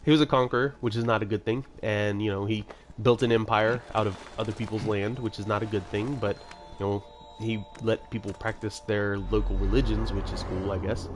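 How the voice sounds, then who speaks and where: A man's voice: fairly low pitch, fairly even intonation, a little fast, noisy background. A man giving casual, rambling commentary while playing a video game, with chatty self-mocking asides. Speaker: let's-play commentator. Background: video game music.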